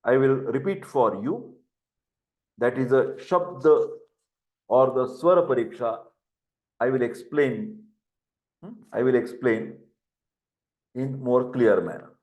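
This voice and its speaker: With a medium-pitched, darkish voice, an older man with an Indian English accent lectures slowly and pauses often. The echoey classroom carries his repeated terms and words spelled out for dictation.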